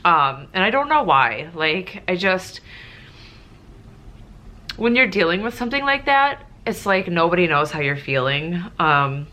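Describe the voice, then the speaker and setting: A woman's voice: on the low side, big pitch swings, unhurried, sharp tone. A young woman chatting through a casual Q&A vlog, emotional and close to tears at times, with lots of fillers. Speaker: nurse and vlogger.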